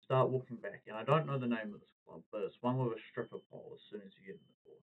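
Over a thin, phone-like recording, a man spins a casual story, jumping into the lines people said along the way. His voice sits at an ordinary middle pitch, and the delivery stays loose and conversational. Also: fast. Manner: animated anecdote-telling, acting out quoted lines. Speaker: podcast host. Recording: tinny phone-like audio.

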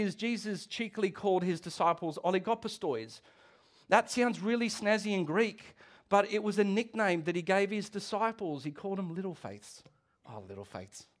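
This middle-aged man, pitched fairly high, preaches as a pastor in an animated, chatty style, breaking off into asides and starting sentences over.

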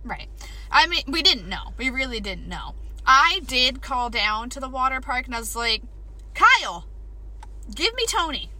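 Woman, high lively voice, bright tone, faint background noise, casual swearing chat. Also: normal speed. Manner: swearing, animated storytelling, frequent laughs. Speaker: podcast co-host.

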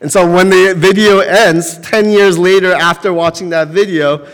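A man in his forties delivers a sermon with a high voice. He talks loosely and conversationally and tells stories. The long reverb of a church hall trails after each phrase. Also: fairly even intonation, normal speed. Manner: conversational storytelling with laughs. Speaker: pastor.

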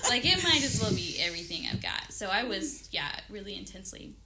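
A woman in her thirties, a podcast guest telling a story in casual conversation, animated and acting out her own thoughts. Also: medium pitch, fairly quick, vocal fry, a crowd in the background. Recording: faint background noise.

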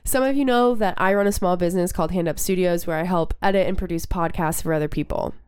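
Young woman, podcast co-host, casual chat, candid, swears a lot, smooth clear voice, dry close sound. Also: on the low side, quick pace, darkish tone, dry recording. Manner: candid, swears freely, many fillers and restarts.

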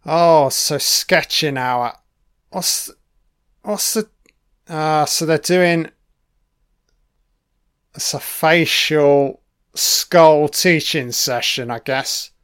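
Guy chatting over a movie, swearing a lot and dropping dry little jokes, slow and unhurried, voice a bit higher than most. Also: a bit bright, smooth. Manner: swears constantly, wry offhand remarks. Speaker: film commentator. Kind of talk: casual running film commentary.

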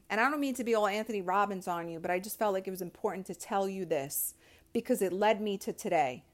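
Fired-up, foul-mouthed woman in her thirties. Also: mid-range voice. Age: 30s. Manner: fiery, swears constantly; gets worked up, shifting in her chair. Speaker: podcast host. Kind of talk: motivational monologue.

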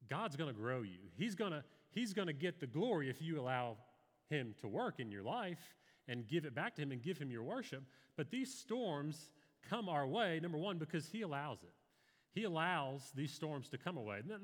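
A man's voice: medium pitch, fairly bright tone, long reverb tail. A man preaching a sermon to a live congregation in an earnest, conversational way, with personal stories. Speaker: pastor.

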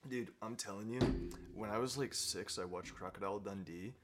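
A man's voice: fairly low pitch, fairly quick, crowd noise. A man around twenty, casually rambling through a long joke with a friend while smoking. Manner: laid-back, rambling storyteller. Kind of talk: casual chat.

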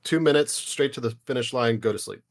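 A man's voice: mid-range voice, a little fast. A young man co-hosting a casual podcast, telling crude stories in a rambling, jokey way. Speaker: podcast co-host.

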